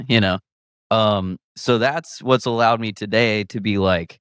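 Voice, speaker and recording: A man's voice: lowish voice, a little slow, smooth, no echo, studio quality. A man, a guest comedian, talking candidly in a casual conversation, reflective and rambling, restarting his sentences and laughing often. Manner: reflective and rambling, with frequent restarts and lively self-quotes.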